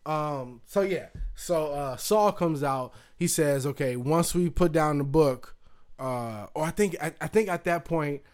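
A man in his thirties hosting a podcast, spinning a loose, profane story full of fillers and asides. His voice sits a little higher than most men's, and he slips into other people's voices as he goes. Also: measured pace. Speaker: podcast host. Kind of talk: casual storytelling.

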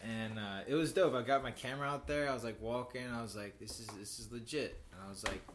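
A young man rambles through a story on a casual podcast, with "like" in every line and swearing throughout. He speaks at an ordinary middle pitch and laughs between phrases. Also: steady tone, fast, slight background noise. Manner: rambling, heavy on "like" and swearing, laughs while telling. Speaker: podcast host.

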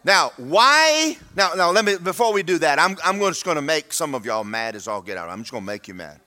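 A man's voice: on the high side, sing-song, a little fast, bright, forceful tone. A man, preaching a sermon to his church in a folksy, humorous, emphatic way. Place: church sanctuary.

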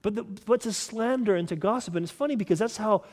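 A man's voice: sits high, fast, a little mellow, big-room sound. A man preaching a sermon as pastor, emphatic and earnest, often restarting and repeating words as he builds a point.

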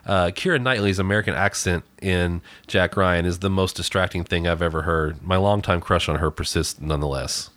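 Very deep-voiced man rambling about a movie. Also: fairly quick, hardly any pauses, fairly bright tone, dry recording. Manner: rambling, with many restarts and fillers. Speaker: podcast co-host reviewing a movie. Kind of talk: casual movie review chat.

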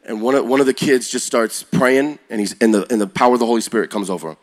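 A man preaching to young people, telling stories with rising energy and shifting to a slow, quiet prayer. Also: mid-range voice. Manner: energetic, builds to loud excited peaks; slow and quiet when praying. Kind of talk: sermon storytelling.

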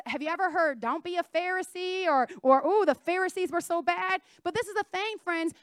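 A woman's voice: high voice, a bit bright, no echo, clean studio sound. A young adult woman preaching a sermon, emphatic, asking her congregation questions and having them answer back.

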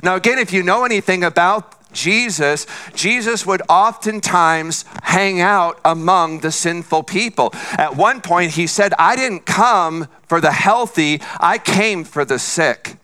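Male pastor, sermon delivery, earnest and repetitive, high clear voice. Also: a little slow, few pauses, sharp tone. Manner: earnest, repeats for emphasis.

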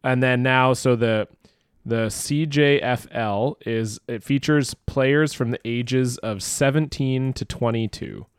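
A man's voice: medium pitch, slow pace, clean tone, no echo, clean studio sound. A man co-hosting a casual podcast, making wry jokes and thinking aloud as he looks things up. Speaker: podcast co-host.

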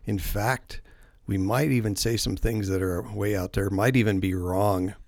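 A man with a fairly low voice hosts a relaxed podcast chat about faith. He tells long, self-deprecating stories, full of fillers and restarts. His voice is close and dry, with no room sound. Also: measured pace, gravelly, dry recording. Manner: rambling, self-deprecating storyteller. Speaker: podcast host. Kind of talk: casual faith-based podcast conversation.

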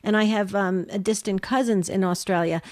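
A woman's voice: medium pitch, fairly even intonation, moderate pace, no echo, clean studio sound. A woman co-hosting a phone-in radio show who asks the caller questions with enthusiasm. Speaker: radio co-host.

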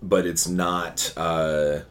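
A man co-hosting a casual podcast chat, animated and quick to put on goofy voices. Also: low voice. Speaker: podcast co-host.

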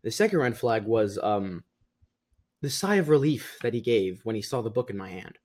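A man's voice: fairly low pitch, moderate pace. Man telling a school story. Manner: animated, mimics people with raised voice, laughs often. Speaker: podcast guest. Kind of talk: casual storytelling. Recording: rough audio.

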